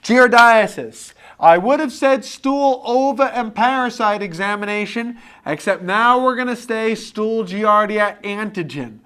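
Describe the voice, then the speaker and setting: A man lecturing for a medical board exam review, animated and playing out imagined student replies. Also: high voice, unhurried, hardly any pauses, smooth.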